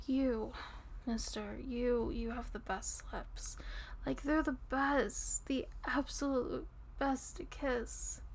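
A woman playing a tipsy, affectionate young girlfriend in an audio role-play, talking softly and intimately and drifting off topic. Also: high-pitched, fairly even intonation, slow pace, vocal fry, a little hiss or hum, heavily acted. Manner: rambling, giggly, soft and intimate. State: drunk.

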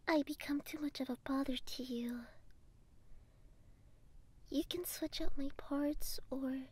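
A woman voicing a devoted young female android housekeeper in a soft, deferential whispered role-play. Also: high voice.

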